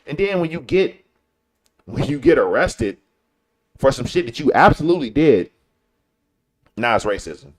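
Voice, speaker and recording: A man's voice: mid-range voice, sing-song, normal speed, long pauses. A man from Chicago talking in a casual, slangy commentary style, repeating points for emphasis. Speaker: commentary show host. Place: lives in Texas.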